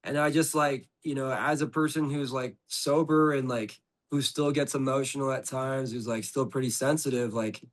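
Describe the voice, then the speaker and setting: A man's voice: medium pitch, fairly even intonation, moderate pace. A middle-aged man, a podcast guest, telling a story in casual conversation, rambling with lots of "like" and restarts.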